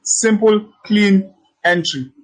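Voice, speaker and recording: Brief: cocky male trading coach, high voice, talks casually. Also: slow, poor audio. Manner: brash, teasing, repetitive, swears freely. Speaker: trading instructor. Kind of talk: casual screen-share tutorial.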